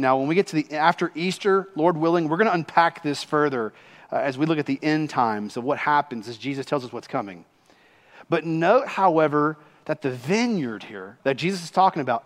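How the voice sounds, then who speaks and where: Emphatic preacher in a reverberant hall. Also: male voice, a little high. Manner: emphatic preaching, slows for weight and speeds up in asides. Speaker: pastor. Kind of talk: sermon.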